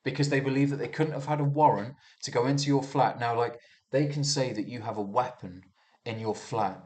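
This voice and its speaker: A man's voice: medium pitch, fairly quick, darkish tone. A man giving a casual monologue about the news, talking heatedly with lots of restarts and swearing. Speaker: commentator reviewing the news.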